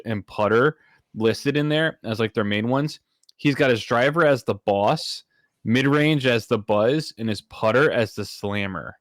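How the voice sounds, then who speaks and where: Low-voiced man musing aloud. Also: no room sound, clean studio sound. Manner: rambling, thinking aloud. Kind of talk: casual chat.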